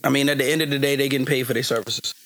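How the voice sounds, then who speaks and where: A man's voice: mid-range voice, fairly even intonation, rapid-fire, crowd noise. A man co-hosting a podcast, laid-back and wisecracking in casual banter. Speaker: podcast co-host.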